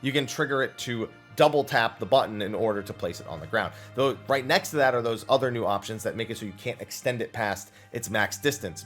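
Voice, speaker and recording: A man hosting a weekly question-and-answer show, answering viewers with eager, wandering explanations. His mid-pitched voice swings widely up and down as he talks. Faint music plays quietly behind him. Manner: enthusiastic, explanatory, talks in long run-on thoughts. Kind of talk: casual Q&A explanation.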